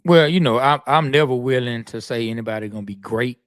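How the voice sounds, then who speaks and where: A man co-hosting a casual sports talk show, speaking in a measured way with frequent stammering restarts. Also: mid-range voice, fairly bright tone, no echo, studio quality.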